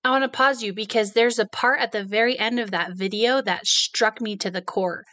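Animated woman acting out quoted friends. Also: a little high, moderate pace, no room sound. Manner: animated, acts out quoted dialogue. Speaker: podcast co-host. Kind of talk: casual conversational storytelling.

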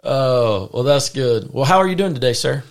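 A man with a Southern accent hosting a casual faith podcast, upbeat and friendly and quick to laugh. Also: mid-range voice, expressive. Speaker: podcast host.

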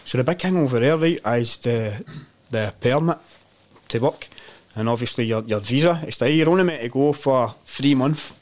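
A man's voice: mid-range voice, moderate pace. Sweary Scottish man telling travel stories. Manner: sweary, animated anecdotes, frequent "mate" and "man". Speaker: podcast guest. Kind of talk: casual storytelling chat.

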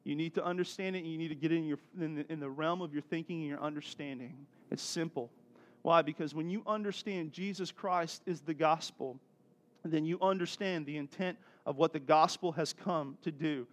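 A male pastor delivering a sermon in a bright, high-pitched voice. He preaches like he is chatting with the congregation, telling lively stories and laughing often. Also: a little fast. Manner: animated storytelling preacher, acting out voices.

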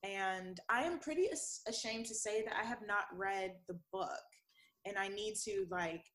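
A woman's voice: mid-range voice, normal speed, a bit bright, poor audio. Rambling woman chatting with frequent laughs. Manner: rambling, laughs often, many fillers. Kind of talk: casual podcast chat.

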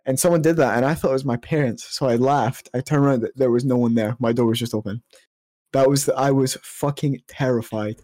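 A man's voice: mid-range voice, fairly even intonation, brisk, dark tone, dry recording. A young man hosting a podcast, chatty and jokey with frequent swearing. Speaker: podcast host. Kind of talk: casual podcast chat.

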